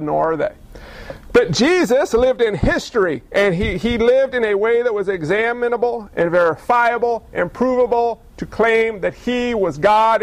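A male pastor preaching a sermon, lively and full of rhetorical questions and wry asides. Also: high-pitched.

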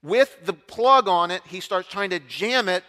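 Man, middle-aged, preacher, animated storytelling, bright forceful voice, long hall reverb. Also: high voice, measured pace. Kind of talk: storytelling sermon.

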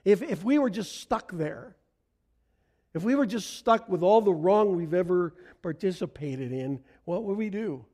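A middle-aged male pastor preaching a sermon in a church, earnest, going soft in prayer and rising on emphasis. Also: high-pitched, lively intonation, measured pace. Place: church sanctuary.

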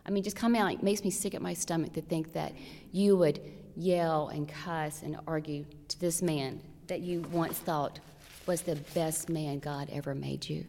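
A woman's voice: deep voice, steady tone, normal speed, creaky, darkish tone. A woman giving practical marriage advice to a church audience, earnest and direct, full of rhetorical questions. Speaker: church women's speaker. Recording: long hall reverb.

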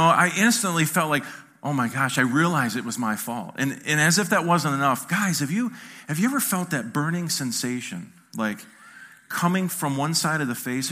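A middle-aged man preaching to a church congregation, telling jokey family stories and acting out the quotes. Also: a little high. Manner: animated, jokey storytelling with acted-out quotes. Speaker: pastor. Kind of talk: storytelling sermon.

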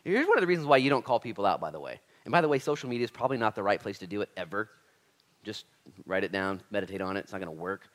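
A man's voice: fairly low pitch, very animated, rapid-fire. Impassioned male pastor preaching. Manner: impassioned, swings from loud emphatic lines to hushed near-whispers; casual slangy address, says "dude" and "man". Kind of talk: sermon.

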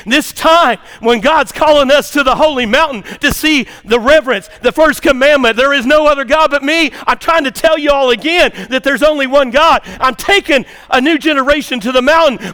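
A man preaching a sermon to a church congregation, swinging between quiet asides and shouted preaching. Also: very high voice. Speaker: pastor. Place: church sanctuary.

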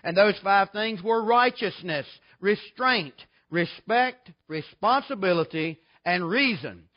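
Guy preaching in his 40s, high voice, folksy jokes, kinda muffled church recording. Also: expressive, slow pace. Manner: folksy, joking storyteller. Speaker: guest preacher. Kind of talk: revival sermon. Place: church sanctuary.

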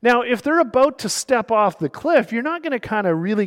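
Speaking in a noticeably high voice, a male pastor reads scripture aloud and then moves into illustrative stories. He's very animated and fairly quick, barely pausing, and swings between hushed moments and emphatic stresses.

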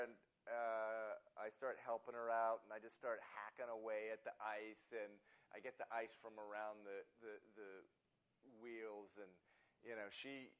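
A man's voice: on the low side, smooth. A man preaching a sermon, telling a rambling, self-deprecating story full of restarts and asides. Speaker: pastor.

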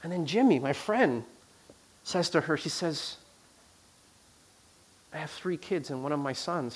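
Man, sermon storytelling, mid pitch, loud then hushed, repeats and restarts words. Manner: animated storyteller, swings from loud emphasis to hushed quiet.

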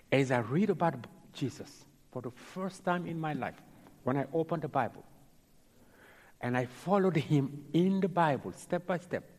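Husky preacher with a lively voice. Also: male voice, a little high. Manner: dramatic, acts out the people in his stories; halting, repeats words. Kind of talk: sermon storytelling. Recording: long hall reverb.

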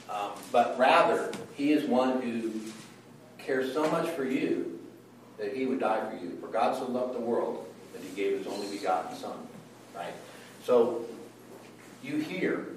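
A man's voice: mid-range voice, far from the mic, slight background noise. A man teaching a Bible study in a conversational way, often checking in with his listeners. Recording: echoey room from afar.

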